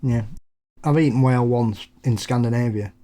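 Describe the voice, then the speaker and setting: A man's voice: mid-range voice, normal speed, mellow. A man co-hosting a podcast in casual chat, telling anecdotes, laughing often. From England. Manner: chatty, laughs often, acts out voices in anecdotes. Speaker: podcast co-host.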